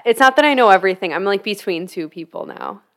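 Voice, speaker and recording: A woman's voice: medium pitch, animated, fast talker, fairly bright tone. A young woman co-hosting a podcast in casual chat, answering often with "yeah" and leaning on "like". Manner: conversational, lots of "yeah" and "like". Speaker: podcast co-host.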